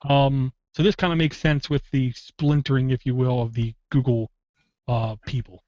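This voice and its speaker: A man's voice: medium pitch, little pitch movement, moderate pace, darkish tone, dry recording. A man hosting a tech podcast, chatty and wry, drifting off on tangents in casual talk. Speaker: podcast host. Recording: dull lo-fi dry podcast audio.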